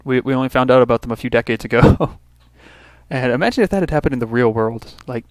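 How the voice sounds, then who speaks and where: A man's voice: mid-range voice, animated, fast, no room sound. A man from Canada hosting a let's play, casually thinking aloud through his turns with restarts and little asides. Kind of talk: casual gameplay commentary.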